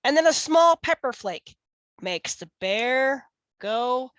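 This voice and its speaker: A woman reading a children's picture book aloud in a slow, expressive, sing-song way. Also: high-pitched, dry recording, muffled recording. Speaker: storyteller.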